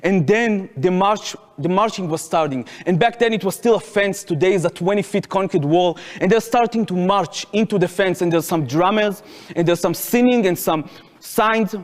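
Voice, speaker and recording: Speaking at normal speed in a voice that sits high, this Israeli-accented man in his twenties, whose first language is Hebrew, gives a storytelling talk to a lecture-hall audience. He performs the voices in his personal tale with animation, shouting at the high points, and the hall adds a long reverb.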